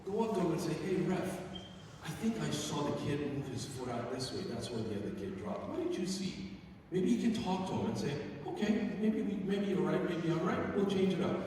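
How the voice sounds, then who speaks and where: Animated male coach in an echoey hall. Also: on the high side, a little hiss or hum. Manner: animated storytelling, acting out quoted voices. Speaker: youth sports coach. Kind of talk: speaking to a group of parents. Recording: echoey hall, speaker far from mic.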